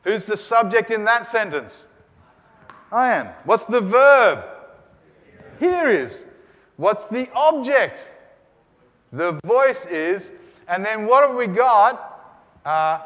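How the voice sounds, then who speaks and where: A man's voice: high-pitched, a bit bright. A man teaching a Greek grammar class, lecturing and often checking in with his students. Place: lecture hall. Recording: long hall reverb.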